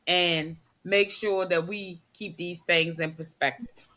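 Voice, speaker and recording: A woman speaks as a panelist on a live podcast. Her voice is low-pitched yet bright and sharp, and she talks very slowly. She makes an earnest, measured appeal to the listeners. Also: fairly even intonation.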